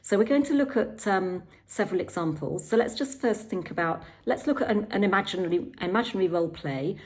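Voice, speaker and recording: A middle-aged woman, giving a calm, gentle training talk for carers, with frequent ums and repeated words. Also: medium pitch, brisk. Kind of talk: instructional talk.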